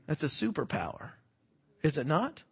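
A man preaching a sermon, quizzing the congregation with fill-in-the-blank questions and swinging between hushed and loud, emphatic delivery. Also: on the high side, wildly swooping pitch, moderate pace, vocal fry, slightly rough.

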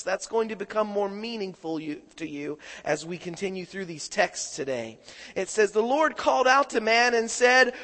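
A man's voice: high voice, fairly bright tone. A man preaching a sermon who keeps putting questions to his congregation and calling for their answers. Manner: questions the congregation, call-and-response. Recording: echoing hall reverb.

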